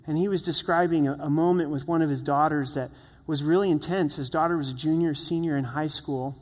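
Earnest preacher in a reverberant hall. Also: male voice, fairly high pitch, fairly even intonation, brisk. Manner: earnest, conversational preaching with rhetorical questions. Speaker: pastor. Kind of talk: sermon.

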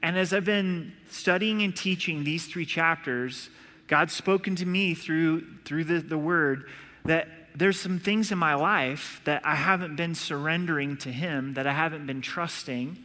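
Male pastor, earnest sermon delivery, bright tone, reverberant hall sound. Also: on the high side, unhurried. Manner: earnest, acts out voices in illustrations.

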